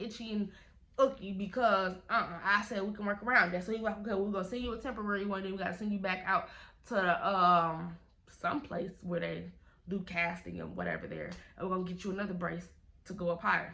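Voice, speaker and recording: A young woman, telling a casual storytime vlog in an animated, slangy way, acting out the quotes. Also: mid-range voice, a little fast. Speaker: vlogger.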